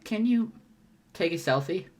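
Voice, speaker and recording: A man's voice: sits high, animated, a little slow, darkish tone, pitched above the performer's own voice. A man reading the part of an awkward, insecure young man who rambles and stumbles over his words, in a fan read-aloud. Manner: hesitant, stumbling, self-conscious rambling.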